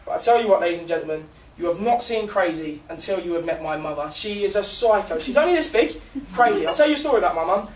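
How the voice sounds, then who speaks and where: A man's voice: high-pitched, animated, fast, few pauses. A young man from London doing a stand-up comedy set, chatty and self-mocking, often laughing at his own lines. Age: young adult. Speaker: student comedian. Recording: echoey room, distant mic, noisy.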